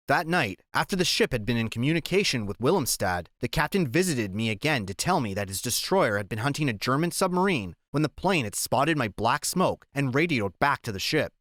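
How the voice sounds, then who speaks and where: A man narrating a novel as an audiobook, expressive and storytelling. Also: medium pitch, dry recording, clean studio sound. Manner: expressive reading, acting out shouted lines.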